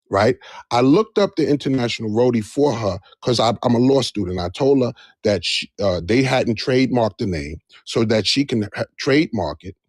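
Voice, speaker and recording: A man's voice: mid-range voice, no room sound, clean studio sound. A man speaking in an impassioned live discussion, emphatic and repeating phrases for stress. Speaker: livestream debate participant. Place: Georgia area, on a live stream.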